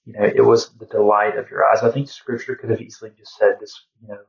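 A man's voice: on the low side, flat delivery, fast, gravelly, hardly any pauses. A man leading an informal Bible study, talking in a reflective, conversational way and often saying "you know". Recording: distant, dull lo-fi sound.

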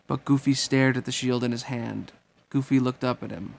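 Gravelly man reading a storybook aloud. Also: medium pitch, fairly even intonation, moderate pace. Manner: plain storytelling narration. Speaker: reader. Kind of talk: amateur audiobook reading.

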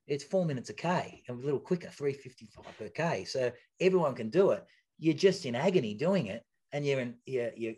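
This is a man telling stories in an interview, with a mid-pitched voice. He talks bluntly and with lots of energy, stops and restarts his sentences often, and swears casually. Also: darkish tone. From Australia. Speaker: guest, former Ironman triathlete.

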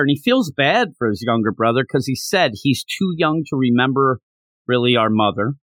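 A man co-hosting a podcast, chatting casually about a manga chapter and acting out characters' lines in quick voices. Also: mid-range voice, expressive, fairly bright tone, dry recording. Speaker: podcast co-host.

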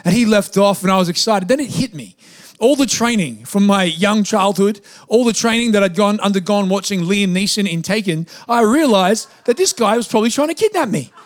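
An Australian man preaches to a live congregation with a notably high voice for a man. He is lively and self-deprecating, tumbling through quick restarts as he tells a funny travel story. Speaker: pastor. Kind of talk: sermon with humorous storytelling. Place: church service with a live congregation.

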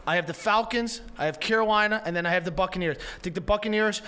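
A man with a high voice co-hosting a casual football talk show. He lays out his division rankings point by point, sounding sure of himself. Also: quick pace, pushed and bright, smooth. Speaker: sports show co-host. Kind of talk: casual sports debate.

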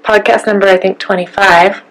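A woman's voice: medium pitch, steady tone, moderate pace, low-quality recording. A woman hosting an interview podcast, responding with encouragement and asking her guests questions. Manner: encouraging, asks long questions. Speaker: podcast host. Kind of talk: interview conversation.

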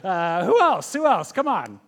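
A man preaching a sermon, telling a story with animated questions to the congregation. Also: sits high, a little slow. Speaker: pastor.

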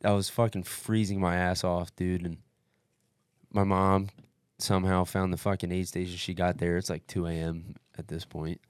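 Low, dry-sounding man spinning a profane, animated story in casual chat. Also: normal speed, smooth, dry recording. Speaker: podcast co-host telling a race story.

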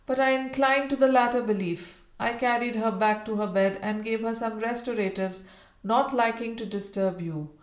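A shaken Victorian colonel , read by a woman narrator, speaking in a trembling, agitated way. The voice stays fairly high and lifted. The room around it has a noticeable echo. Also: normal speed, natural voice. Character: anxious Victorian husband, a colonel, alarmed at dawn. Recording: roomy echo.

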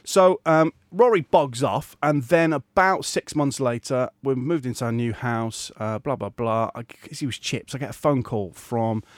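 A middle-aged man, co-hosting a podcast and telling an animated anecdote, often laughing and acting out other people's voices. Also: medium pitch, normal speed, few pauses, no room sound. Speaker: podcast co-host. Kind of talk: casual storytelling chat.

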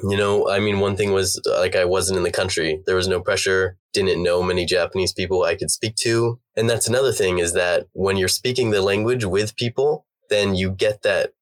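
A man's voice: low-pitched, fairly even intonation, moderate pace, hardly any pauses. A young American man answering interview questions casually, rambling with lots of fillers. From United States. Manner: rambling, filler-heavy with many "like"s. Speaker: guest.

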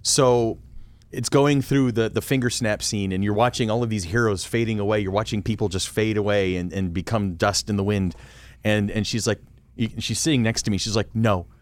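A man's voice: on the low side, a little fast, dry recording. A middle-aged man on a podcast spins a story with gusto. He swings his voice around, mimics the people in it and keeps up an easy chat with his co-hosts. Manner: animated storyteller, acts out voices. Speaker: podcast host.

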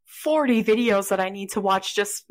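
A woman co-hosting a casual podcast, lively and quick to laugh. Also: mid-range voice, low-quality recording.

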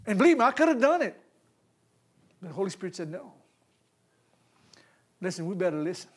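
A man preaching a sermon, swinging from loud, animated calls to hushed asides and laughing between points. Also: high voice, fairly quick, slightly rough.

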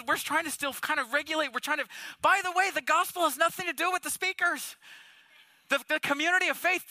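A man preaching a sermon as a pastor, animated and conversational, with frequent rhetorical questions to the congregation. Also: extremely high pitch, dry recording.

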